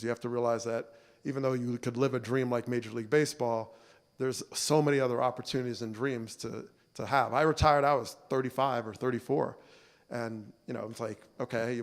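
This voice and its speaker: Keynote speaker: man in his forties, loose and conversational, mid-pitched voice, hall reverb. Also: fairly even intonation, brisk. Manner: conversational, many fillers like "you know" and "right?". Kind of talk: relaxed storytelling speech. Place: banquet hall. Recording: long reverb of a banquet hall.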